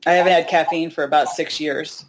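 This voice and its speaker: A middle-aged woman guest in a casual interview, telling lively stories about hiking and acting out what people said. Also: deep voice, brisk, background noise. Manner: animated, acts out quoted dialogue.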